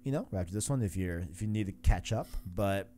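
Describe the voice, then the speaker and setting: Rambling through a comic he reads aloud on his casual podcast, a man fills his talk with fillers, self-deprecating humor and frequent laughter. His voice is on the low side, mellow and quick-paced.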